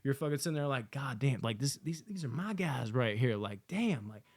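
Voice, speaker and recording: A man giving a casual, excited movie review, swearing often and acting out lines from the film. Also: medium pitch, normal speed. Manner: excited, profane, acts out quotes.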